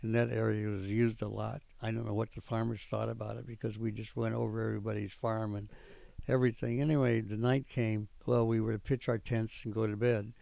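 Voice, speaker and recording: An older man recalling his army days in an oral history interview, rambling and pausing often with fillers. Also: on the low side, level tone, gravelly, mellow, no room sound. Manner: rambling storytelling with frequent pauses and fillers. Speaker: veteran interviewee.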